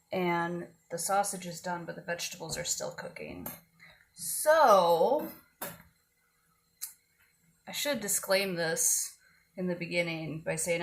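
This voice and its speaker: A woman chatting casually as she cooks at home for her cooking vlog, joking about herself along the way. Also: lowish voice. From not from the American South. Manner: chatty, self-deprecating, talks while cooking. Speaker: home cook vlogger. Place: home kitchen with frying pan sizzling. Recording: echoey kitchen with frying noise.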